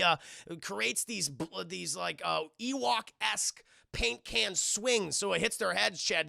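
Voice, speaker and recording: A man streamer recapping a film casually, profane and excitable, and constantly talking to his chat. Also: high voice, creaky, no echo, studio quality.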